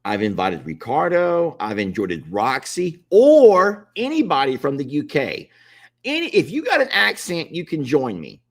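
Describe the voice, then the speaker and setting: Lively chatty guy hosting a live stream, voice jumps all over, begging folks to hop on. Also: a little high, measured pace. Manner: chatty, pleading with viewers to join. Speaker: livestream host. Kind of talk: casual livestream chat.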